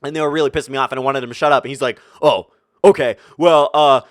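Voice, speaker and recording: A man's voice: mid-range voice, steady tone, rapid-fire, fairly bright tone, dry recording, studio quality. A young man hosting a gaming channel, telling a profane, rambling storytime over gameplay commentary.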